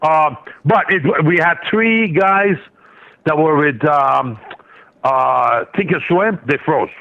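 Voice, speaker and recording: On a dull, lo-fi line, a male market analyst and trader appears as a guest on a radio show, spinning a rambling trading yarn full of restarts and asides. His voice sits on the high side, slow and gravelly, in the manner of casual interview storytelling.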